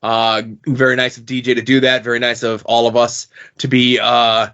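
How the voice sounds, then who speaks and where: A man co-hosting a podcast in casual chat, telling stories in an animated, profane way. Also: medium pitch, moderate pace, clear, resonant tone. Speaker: podcast co-host. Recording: dull lo-fi podcast audio.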